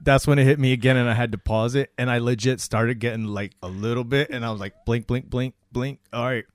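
A man's voice: medium pitch, fairly even intonation, quick pace, smooth, no echo. A man co-hosting a casual podcast, reacting with laughs and short agreements and talking through the episode's emotional moments. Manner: laid-back, laughs often, short agreeing replies. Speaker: podcast co-host. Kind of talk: casual chat.

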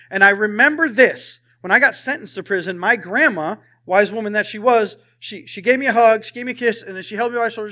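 Dynamic bright-voiced preacher man. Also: sits high. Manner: dramatic swings between loud emphasis and near-whispered lines. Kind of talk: sermon with personal testimony.

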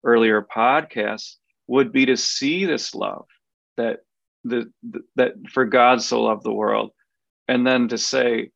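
A man's voice: mid-range voice, fairly even intonation, takes it slowly, gravelly, fairly bright tone, dry recording, muffled recording. A man co-hosting a podcast, explaining a Bible passage in an earnest, conversational way, restarting his sentences often as he thinks aloud. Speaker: podcast co-host.

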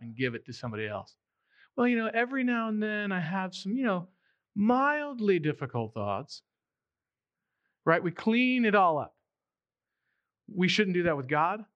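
A man with a bright, forceful voice preaches in a loose, conversational way. His pitch sits a little high for a man, and the sound is dry and close. He acts out the quotes he tells in their own voices. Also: dry recording, highs cut off. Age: 30s to 40s. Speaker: pastor. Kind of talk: sermon.

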